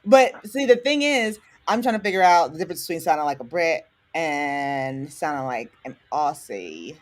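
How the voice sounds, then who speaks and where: An American woman co-hosting a livestream in casual chat, animated and quick to laugh. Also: low-pitched. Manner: laughs often, animated and chatty. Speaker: livestream co-host.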